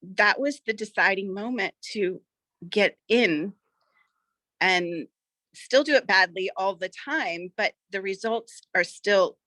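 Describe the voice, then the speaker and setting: A woman's voice: mid-range voice, slow pace, pushed and bright, dry recording. A woman, a mother and farmer, sharing a personal story in an earnest, rambling way, often restarting her sentences. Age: adult, mother of schoolchildren. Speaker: farmer, coaching student. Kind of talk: casual personal testimonial.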